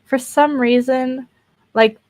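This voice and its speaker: A woman's voice: high voice, fairly even intonation, slow, darkish tone. Tired young woman rambling on a stream. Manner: rambling, repeats words, frequent laughs and fillers. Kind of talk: casual live-stream chat. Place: bedroom at home.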